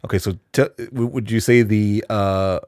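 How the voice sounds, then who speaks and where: A man hosts a relaxed podcast conversation, tossing out rambling questions and swearing in reaction to the stories. His voice sits at a middle-low pitch and sounds dry and close, with no room around it. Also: normal speed, dry recording. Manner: laid-back, profane interjections. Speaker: podcast host. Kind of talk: casual interview chat.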